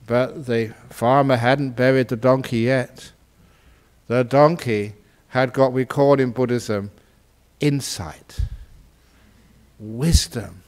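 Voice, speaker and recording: Man, Buddhist teacher, storytelling, playful and lively, unhurried delivery. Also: medium pitch. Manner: playful and animated, laughing often. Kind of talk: storytelling in a dharma talk.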